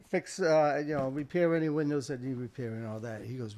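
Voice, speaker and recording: An older American man, a veteran, telling a war story in casual chat, swearing freely and acting out what people shouted. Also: mid-range voice, fairly quick. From United States. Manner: animated, swearing, acts out shouted quotes. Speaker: veteran guest.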